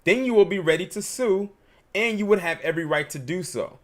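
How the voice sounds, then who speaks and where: A man's voice: high-pitched, animated, fairly quick. A man hosting a livestream, giving emphatic, opinionated commentary and reading super chats.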